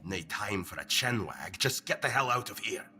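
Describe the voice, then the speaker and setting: A man's voice: on the low side, lively intonation, moderate pace, pushed and bright, faint music behind. An actor playing a brash, battle-hardened male warrior prisoner in a video game, with a Scottish accent and coarse, swearing speech. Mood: boastful.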